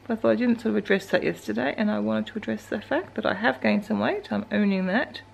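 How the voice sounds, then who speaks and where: A woman's voice: mid-range voice, fast, vocal fry, slight background noise. An Australian woman in her forties, chatting casually in a home vlog, rambling and laughing as she talks to her dogs. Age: 40s. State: out of breath from exercising. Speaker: vlogger.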